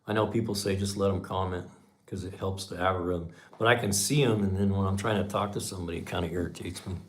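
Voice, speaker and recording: A man's voice: sits low, fairly even intonation, fast talker. A man in his fifties hosting a livestream, telling a car story in a folksy, chatty way and acting out the dialogue. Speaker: channel host on a livestream.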